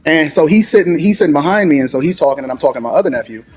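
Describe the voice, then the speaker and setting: A man in his forties telling a story in an animated way, loudly acting out what people said. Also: a little high, faint music behind. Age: 40s. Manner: rapid, acts out quoted dialogue loudly. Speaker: podcast storyteller.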